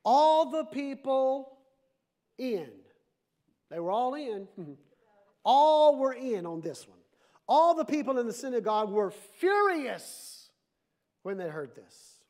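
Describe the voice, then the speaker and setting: Male pastor, very high voice, lively sermon with humorous asides. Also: slow, pauses often. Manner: animated preaching with playful asides.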